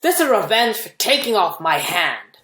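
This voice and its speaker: A woman's voice: mid-range voice, sing-song, moderate pace, a bit bright. A teenage girl playing a boastful, vengeful male pirate captain in a school play, with a gloating, theatrical manner. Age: teens. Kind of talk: amateur school play acting. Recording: roomy echo.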